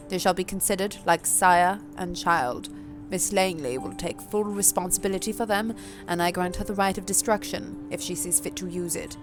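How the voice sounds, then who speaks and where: A woman voicing a commanding female vampire ruler, speaking in a slow, measured, regal way. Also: on the low side, close to an everyday voice.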